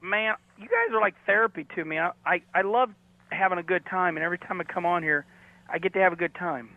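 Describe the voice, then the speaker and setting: Gravelly high-voiced man on a phone line. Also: fast, dry recording. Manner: rambling, jokey, lots of "you know". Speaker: race car driver guest. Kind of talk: casual phone-in chat.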